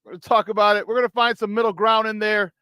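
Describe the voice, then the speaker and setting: A male sports radio host with a slightly higher voice, talking fast and energetically and laughing often. He hypes up the show and tells stories from his own playing days. The sound is dry and close, with no room behind it. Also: fairly even intonation, pushed and bright, smooth, dry recording. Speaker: former football player. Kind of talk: casual sports talk monologue.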